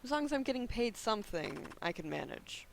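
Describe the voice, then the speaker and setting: A man reading the lines of a debt-ridden woman near forty, speaking in quiet, defeated confessions. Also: very high-pitched, big pitch swings, a little fast, gravelly, slight background noise, voice pushed up, heavily acted, low-quality recording. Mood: ashamed.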